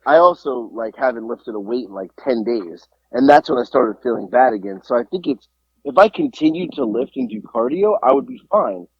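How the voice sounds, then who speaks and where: A man co-hosting a podcast, sounding stuffy from allergies and rambling through animated stories in casual chat. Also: mid-range voice, normal speed, breathy edge, dry recording, lo-fi sound. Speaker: podcast co-host. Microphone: podcast mic.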